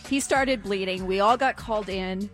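A woman's voice: medium pitch, normal speed, soft background music. A woman co-hosting a radio talk show, telling stories in a dry, matter-of-fact way. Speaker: radio co-host. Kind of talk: casual radio banter. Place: radio studio.

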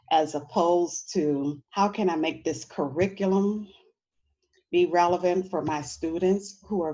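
Woman, middle-aged, from New Orleans, educator on a panel, lowish voice, dull recording. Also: warm tone. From New Orleans, USA. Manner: conversational, frequent "you know" and "right?" asides. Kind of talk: panel discussion.

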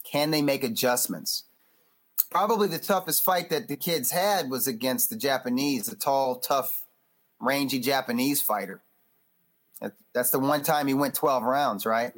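A man who is a boxing magazine editor, chatting loosely as a podcast guest, animated and full of restarts. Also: medium pitch, measured pace. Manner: animated, loose, acts out quotes; frequent restarts and fillers. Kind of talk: casual interview chat.

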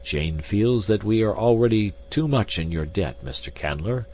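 A man's voice: fairly low pitch, expressive, normal speed, darkish tone, voice pushed up. A man reading an audiobook, voicing a fussy, absent-minded old male professor who clucks "tut, tut". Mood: sad.

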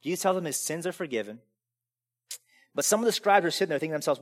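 A man preaching a sermon as pastor, emphatic, swinging between loud preaching and quiet asides. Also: fairly high pitch, expressive, fast, pauses often. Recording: long hall reverb.

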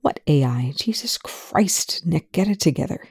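A brisk male commanding officer issues clipped orders, read by a storyteller. His tone is mellow and gravelly, recorded dry and close. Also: mid-range voice, animated, no echo, in a whisper, full character voice. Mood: exasperated.

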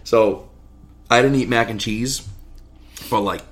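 A man in casual conversation about films, telling scenes with lively acted-out lines. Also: medium pitch, slow, background noise. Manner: animated storyteller, acts out scenes with yelling voices. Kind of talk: casual movie chat.

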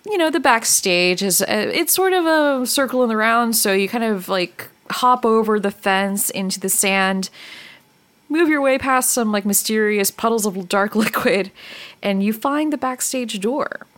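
A woman narrating a tabletop role-playing game as dungeon master, in a relaxed, chatty way. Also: on the high side, unhurried.

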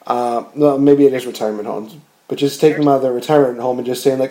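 A man chatting casually about movies, rambling and animated, with frequent fillers and restarts. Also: medium pitch, fast.

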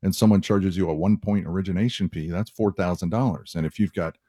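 A male mortgage lender hosting a radio advice show, talking through loan costs plainly and conversationally. His voice sits low and mellow, recorded close and dry. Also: brisk, breathy edge, dry recording. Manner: conversational, explains step by step with many restarts. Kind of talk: radio call-in advice talk.

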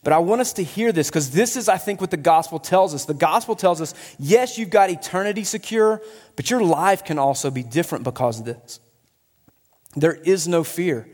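A man preaching with a notably high voice, his animated, humorous storytelling ringing out. Long reverb trails every phrase, as in a big church hall. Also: moderate pace. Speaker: pastor. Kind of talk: sermon.

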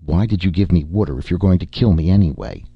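A man's voice: low voice, lively intonation, fast, vocal fry, husky, no echo, heavily acted. A man voicing a proud young noble soldier who is injured, speaking strained and defiant. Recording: dull lo-fi recording.

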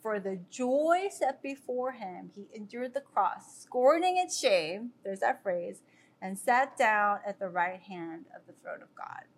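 With lively intonation and a medium-pitched voice, a woman speaks a little slowly as she earnestly shares her personal faith testimony with viewers in a devotional. Her talk is loose, full of fillers and restarts.

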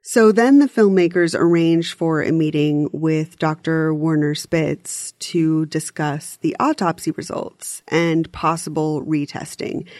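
Woman podcast cohost, kinda low voice, dry close sound, walks thru the case in detail. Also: a little mellow, dry recording. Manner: chatty, recaps events in detail. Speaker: podcast co-host. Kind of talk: casual true-crime discussion.

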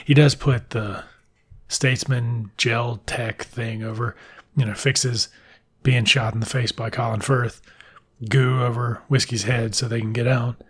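A man tells a film's plot as a loose, profane, joking ramble. His voice is husky and slightly breathy, at an ordinary middle pitch. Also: fairly even intonation, measured pace. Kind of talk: casual film recap.

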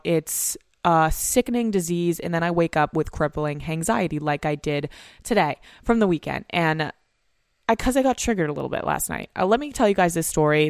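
A woman's voice: sits low, smooth, no echo, clean studio sound. A young woman hosting a podcast from home, rambling in a casual, profane confessional monologue full of "like" and "um.". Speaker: podcast host.

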